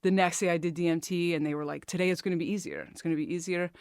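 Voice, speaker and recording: A woman's voice: lowish voice, fairly even intonation, rapid-fire, a little mellow, smooth, no room sound, clean studio sound. A woman hosting a podcast, telling a candid, emotional personal story, swearing freely and talking openly about her feelings. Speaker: podcast host.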